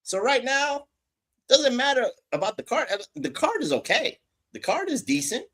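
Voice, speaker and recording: A man's voice: very high-pitched, very animated, moderate pace, a bit bright. A man co-hosting a casual wrestling podcast, ranting with laughter and swearing, then jokingly apologizing. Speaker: podcast co-host. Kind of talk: casual chat.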